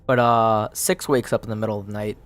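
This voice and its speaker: A man playing a solo tabletop game, muttering dice counts aloud and narrating the results in a relaxed, casual way. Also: on the low side, a little fast. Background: faint background music.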